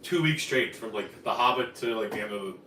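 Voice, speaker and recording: A man's voice: fairly low pitch, fairly quick, bright, forceful tone, reverberant, distant mic, slight background noise, poor audio. A man from Newfoundland hosting a casual live cooking stream, talking in a rambling, chatty way and correcting himself as he goes. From Newfoundland, Canada. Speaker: cooking show host. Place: home kitchen.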